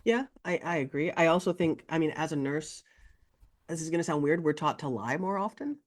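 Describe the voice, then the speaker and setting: A woman co-hosting a podcast in casual chat, animated and acting out quoted lines in a higher voice. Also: brisk. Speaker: co-host.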